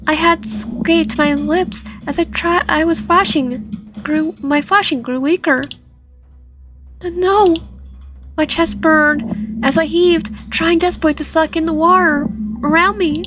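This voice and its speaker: High-voiced young woman narrating a horror game. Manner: reads game text dramatically, stumbles and restarts words. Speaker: gaming channel host. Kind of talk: reading a visual novel aloud with commentary. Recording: faint game music behind.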